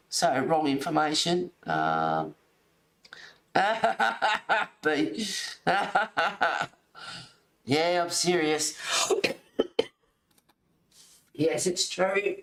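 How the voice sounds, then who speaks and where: A woman's voice: lowish voice, echoey room. A woman hosting a live colouring stream, chatting casually, reading and answering viewers, laughing often. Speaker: livestream host reading chat. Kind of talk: casual chat while colouring. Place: home room at a table.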